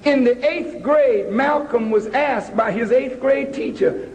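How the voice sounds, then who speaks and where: A man giving an emphatic speech to an audience, slow and rising to shouts. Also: extremely high pitch. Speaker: speaker at a public address. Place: large hall with an audience. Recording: archival speech in a large hall with an audience.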